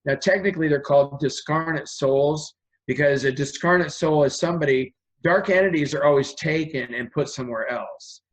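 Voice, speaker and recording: Earnest man with a slightly high voice. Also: normal speed, rough recording. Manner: earnest, rambling, acts out quoted dialogue. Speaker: interview guest. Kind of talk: conversational storytelling.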